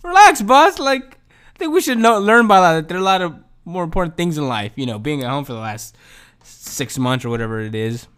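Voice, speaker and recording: Animated, cussing podcast man. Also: a little high, fast talker, clean tone. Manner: profane, rambling, swings from mumbling to excited outbursts. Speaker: podcast host. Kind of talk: casual solo podcast rant. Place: home.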